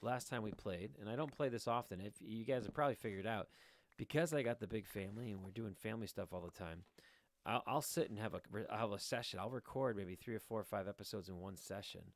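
A man's voice: on the low side, fast talker. A middle-aged man giving casual, rambling let's-play commentary from a room at home, joking and talking to his viewers as he plays. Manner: rambling, jokey, talks to viewers while playing. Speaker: gaming video host.

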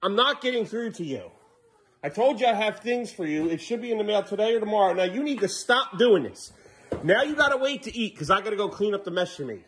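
A man's voice: sits high, animated, a little fast, a bit bright, a little hiss or hum. A man in a casual vlog, scolding in an exasperated way and repeating the same stern words over and over. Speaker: vlogger.

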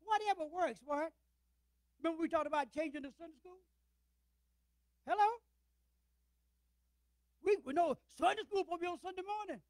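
Older man preaching, high and dry, rhetorical call-outs, loud then hushed. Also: moderate pace, long pauses, no echo, rough recording. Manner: swings between loud declarations and low, quiet asides. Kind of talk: sermon.

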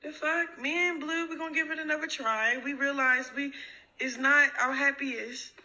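A woman's voice: sits high, steady tone, moderate pace, sharp tone, low-quality recording. Defiant woman taunting livestream viewers.

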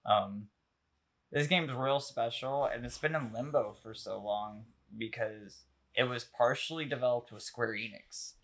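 A man hosting a casual podcast chat, rambling with lots of ums and likes as he gets excited about new releases. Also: medium pitch, unhurried. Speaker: podcast host.

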